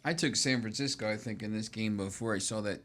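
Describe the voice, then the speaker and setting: A man's voice: lowish voice, a little fast, crowd noise. A man co-hosting a sports betting show, sounding weary and hedging his picks in casual chat.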